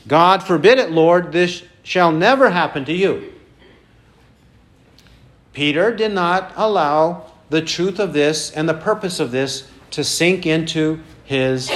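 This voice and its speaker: A man preaching a sermon in a fairly high voice. He talks slowly and with emphasis, asks his listeners question after question and repeats key phrases to drive them home. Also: fairly bright tone. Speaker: pastor.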